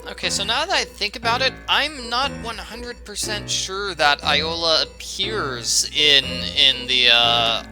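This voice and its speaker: A man's voice: sits high, unhurried, hardly any pauses, over music. A man giving casual walkthrough commentary on a game, rambling and often stumbling over and repeating words. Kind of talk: casual let's-play commentary.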